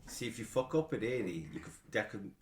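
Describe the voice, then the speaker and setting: Guy hosting a podcast, swears a lot, laughs at himself, low voice that jumps all over. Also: a little fast, slight background noise. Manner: swears freely, animated and self-mocking, with frequent laughs. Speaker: podcast host. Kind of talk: casual chat. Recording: roomy echo.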